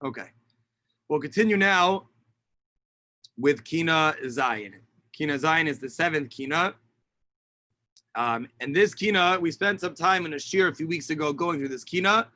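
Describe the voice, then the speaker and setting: Man, high voice, bright tone, dry close sound, rabbi explaining texts on a video call. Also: lively intonation, measured pace, pauses often, dry recording. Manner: explanatory, translates Hebrew lines as he reads, many fillers. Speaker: rabbi teaching. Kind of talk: online lesson on Tisha B'Av kinot. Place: home setup on a video call. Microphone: video call mic.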